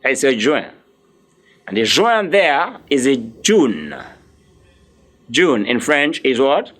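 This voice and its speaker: A man teaching French, drilling words slowly, spelling them letter by letter and encouraging his learners. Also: medium pitch, sing-song, a bit bright. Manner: encouraging, speaks directly to learners. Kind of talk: live online language lesson.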